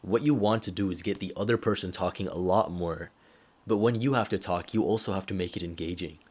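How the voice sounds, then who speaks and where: A man's voice: sits low, fairly quick. A young man talking casually to camera, giving advice and acting out little stories with quoted voices. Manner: animated storytelling with acted-out quotes.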